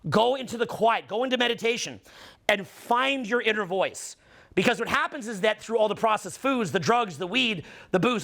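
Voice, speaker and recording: A middle-aged man with a high, gravelly voice and a bright, forceful edge. He preaches an intense motivational monologue, swearing freely and drawing his words out slowly when he wants them to land. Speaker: dating and social skills coach.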